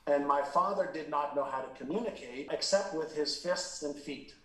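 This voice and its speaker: A man's voice: a little high, normal speed, fairly bright tone, roomy sound, recorded from a distance, rough recording. A middle-aged man from Israel telling a personal story in a candid interview, earnest and emotional, with frequent fillers and restarts. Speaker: interview guest.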